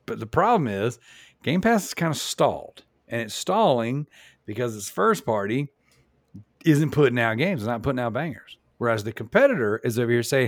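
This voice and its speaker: A man talking on a casual podcast, pressing his argument and repeating himself as he goes. His voice sits at a middle pitch. The sound is dry and close. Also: very animated, brisk, no echo. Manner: rambling, emphatic, repeats "you know what I'm saying". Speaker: podcast host.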